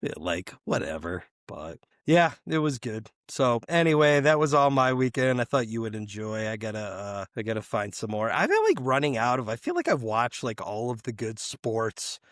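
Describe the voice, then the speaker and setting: A man's voice: medium pitch, sing-song, moderate pace, few pauses, a bit bright, dry recording, clean studio sound. A young adult man co-hosting a sports podcast, telling loose, rambling stories full of fillers and casual swearing. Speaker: podcast co-host. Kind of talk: casual chat.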